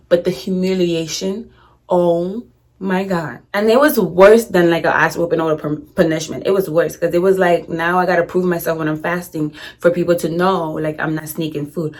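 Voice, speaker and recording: A young woman vlogger telling a funny story in casual, slangy, dramatic fashion. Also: on the low side. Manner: animated, slangy, dramatic retelling.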